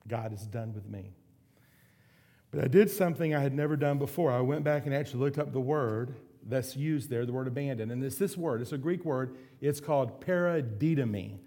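A middle-aged male pastor delivering a sermon in an earnest way. His voice is dark and mellow with a gravelly edge. He often slows down and drops to a soft, quiet tone to let a point sink in. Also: mid-range voice. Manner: earnest, slows and softens for emphasis.

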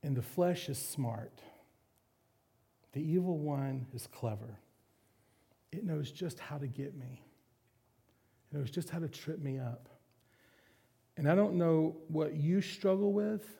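A man preaching a candid, confessional sermon, poking fun at himself. His voice is gravelly and husky, with a mellow, soft tone in a fairly high register. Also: unhurried, pauses often. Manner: candid, confessional, self-deprecating. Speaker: pastor.

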